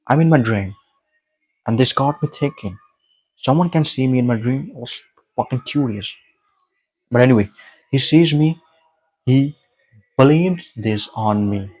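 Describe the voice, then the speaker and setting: A man recounts a story at an unhurried, slow pace, in a middle-range voice. He trips over his words, restarts phrases and stops to correct himself. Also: medium pitch, a little mellow, poor audio. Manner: halting, with frequent restarts and self-corrections. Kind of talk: casual dream storytelling.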